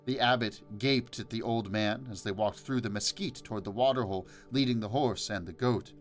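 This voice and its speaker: A man narrating a novel as an audiobook reader, in a measured storytelling way. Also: on the low side, soft background music. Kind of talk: scripted narration.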